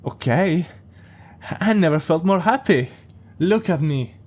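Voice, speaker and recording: Guy putting on a creepy teen boy psycho, high sing-songy voice, way up from his normal. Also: expressive, unhurried, a little mellow. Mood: giddy unhinged. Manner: high, sing-song, unhinged glee. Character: deranged teenage boy killer, giddy and childish.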